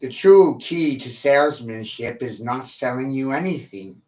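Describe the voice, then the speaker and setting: A man ranting on a livestream, profane, combative and boastful, with long pauses between his lines. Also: mid-range voice, lively intonation, darkish tone. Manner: slow, drawn-out delivery with long pauses. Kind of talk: livestream rant.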